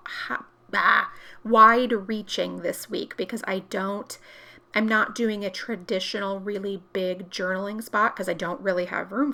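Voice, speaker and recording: Bright, gravelly-voiced woman crafting vlogger. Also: mid-range voice. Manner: chatty, self-correcting, explains as she works. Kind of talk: casual crafting tutorial.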